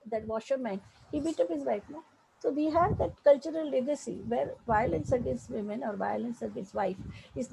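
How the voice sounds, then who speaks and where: An older Indian woman speaks with a fairly high, gravelly voice that has a mellow, soft edge. She is a women's rights activist giving an earnest, emphatic panel talk and often restarts her sentences. Faint noise sits behind her on a video call. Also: rough recording.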